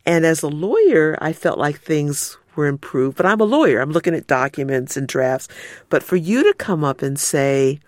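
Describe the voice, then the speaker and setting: Woman attorney as guest, animated storyteller, dry close sound. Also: moderate pace, no echo. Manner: expressive storyteller, acts out quotes with big pitch jumps. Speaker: civil rights lawyer, interview guest. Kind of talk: candid conversational interview.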